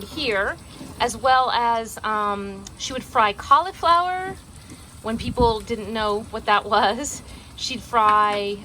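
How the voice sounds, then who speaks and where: Over a noisy background, a home cooking vlogger with a somewhat high voice talks through the recipe step by step while cooking with her mother, loose and filler-laden. They start in the kitchen and end up in a backyard kitchen outdoors.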